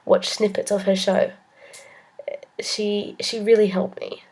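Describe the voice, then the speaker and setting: A young woman with an Australian accent speaks to camera in a vlog, sharing a personal story. Her voice is mellow and warm, sitting at an ordinary pitch for a woman. She talks earnestly and haltingly, with frequent ums and restarts. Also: level tone, in a whisper. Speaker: vlogger.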